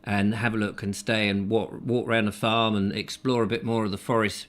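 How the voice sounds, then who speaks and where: A man's voice: fairly low pitch, little pitch movement, brisk, few pauses, fairly bright tone. A man hosting a comic live chat show from a room in a house, telling stories in a rambling, jokey way with many fillers. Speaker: show host.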